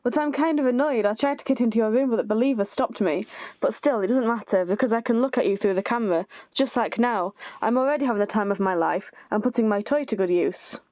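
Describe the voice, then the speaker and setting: A woman's voice: a little high, fast talker, darkish tone, dry recording, lightly acted. A woman reading as a cruel, boastful young man. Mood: taunting. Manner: reads game dialogue aloud with light acting.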